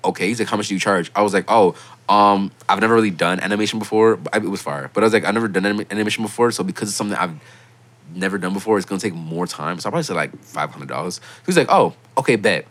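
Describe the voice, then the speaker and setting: Fast-talking young man telling stories. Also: on the low side. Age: young adult. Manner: animated storytelling, loud and heated when quoting himself. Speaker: podcast host. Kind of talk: casual podcast chat.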